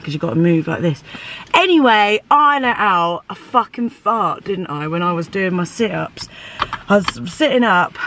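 A woman's voice: on the low side, a bit bright. A woman chatting casually to her phone for a vlog, telling stories, swearing freely and laughing often. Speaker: vlogger. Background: music.

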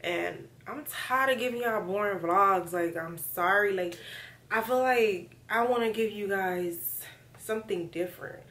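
A young woman, chatting casually to her vlog camera, excitable and full of fillers. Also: medium pitch, measured pace, rough recording. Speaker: vlogger.

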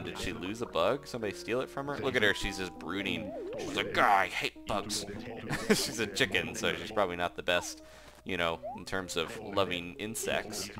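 A man giving casual, chatty gameplay commentary as a let's play host, reacting quickly and animatedly. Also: sits low. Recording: game music underneath. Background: game background music.

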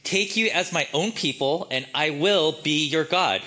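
A man reading a solemn male deity's words aloud in a slow, emphatic voice. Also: on the high side, pushed and bright.

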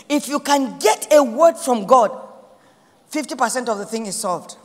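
A woman's voice: on the high side, animated, moderate pace, long reverb tail. A woman pastor with a Nigerian accent preaching a sermon, emphatic and repetitive, acting out prayers in quotes.

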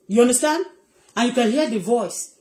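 A woman's voice: on the high side, animated, moderate pace, mellow, echoey room. A woman with a Nigerian accent giving heated commentary as a gossip vlogger, emphatic and repetitive, often asking if you understand.

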